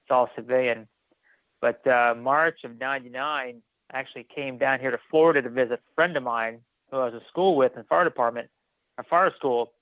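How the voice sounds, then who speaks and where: Male podcast guest, animated storyteller, dry and phone-thin. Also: mid-range voice, brisk, dry recording. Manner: animated, re-enacts dialogue, many restarts. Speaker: podcast guest, former military firefighter. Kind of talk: casual storytelling interview. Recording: tinny phone-like line.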